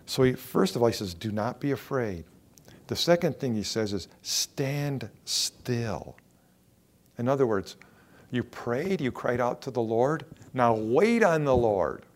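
A man preaching a Bible sermon in an earnest, steady manner. His voice sits in an ordinary middle range, and he drives points home by repeating short phrases, rising and dropping in intensity. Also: medium pitch, measured pace. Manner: earnest, repetitive emphasis, rising and falling in intensity.

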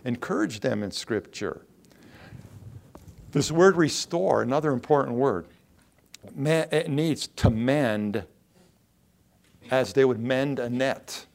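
Man, pastor, conversational sermon, rhetorical questions, mid-pitched voice. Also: animated, takes it slowly, creaky, pauses often, darkish tone. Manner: conversational preaching with rhetorical questions and acted-out quotes.

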